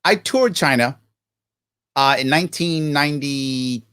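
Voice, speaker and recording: A man's voice: medium pitch, unhurried, sharp tone, clear, resonant tone. A middle-aged man hosting a live question-and-answer stream, reading viewer questions aloud and answering them with passion. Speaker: host. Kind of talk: live Q&A livestream.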